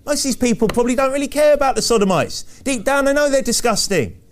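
High-voiced man preaching emphatically. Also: expressive, fast talker. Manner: emphatic, repetitive preaching cadence with rhetorical questions. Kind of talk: sermon.

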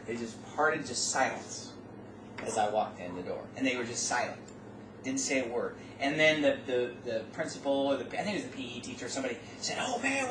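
Man telling a story from across a roomy space. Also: medium pitch. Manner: animated, with rambling restarts and self-corrections. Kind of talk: casual personal storytelling. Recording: roomy, distant mic, faint background noise.

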